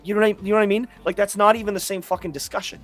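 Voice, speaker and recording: Fast-talking emphatic man, swearing. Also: sits high, steady tone, soft background music. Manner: emphatic, profane, repeats words when starting. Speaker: co-host of a live stream. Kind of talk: casual live-stream talk.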